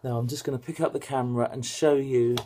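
British male home-cook host, warm dark timbre, faint background hiss, jokey kitchen patter. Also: medium pitch, steady tone, fast. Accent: British English. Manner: chatty, joking, self-deprecating. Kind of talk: casual cooking demonstration.

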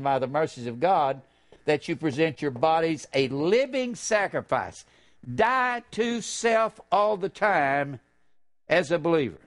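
Older guy preaching hard, bit high voice, drags words out then suddenly yells. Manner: fervent, stretches key phrases slowly and jumps to loud high bursts. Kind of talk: sermon.

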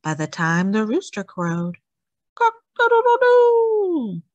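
A woman hosting storytime, reading a children's book aloud with expressive, animated storytelling. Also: mid-range voice, unhurried, no echo, lo-fi sound. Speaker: storytime host.

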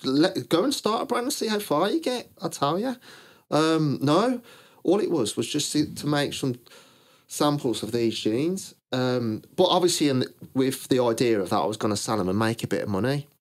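Speaking at a normal pace in a mid-range voice, this British man recounts how he founded his clothing brand during a casual podcast interview. He plays both parts of past conversations with lively energy and chuckles at his own jokes.

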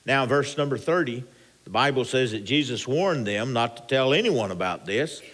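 A man preaching a sermon as pastor, with animated, rising and falling emphasis and frequent restarts. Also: medium pitch, moderate pace.

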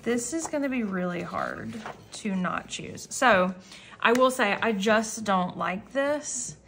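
Excitable woman rambling through an unboxing at home, all gushy, medium voice. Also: mid-range voice, takes it slowly, gravelly, a little hiss or hum. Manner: gushing, excitable, chatty. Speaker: planner vlogger. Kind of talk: casual unboxing vlog. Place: common room at home, indoors.

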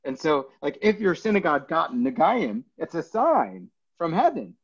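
A man's voice: fairly high pitch, big pitch swings, moderate pace, vocal fry, husky, dull audio. A man, a rabbi, teaching a Talmud class in an informal way, joking and thinking aloud with many fillers.

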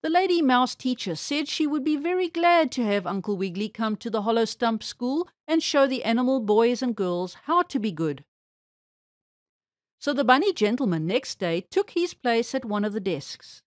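A woman reading a children's storybook aloud with expressive, animated storytelling. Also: on the high side, normal speed, no echo, clean studio sound.

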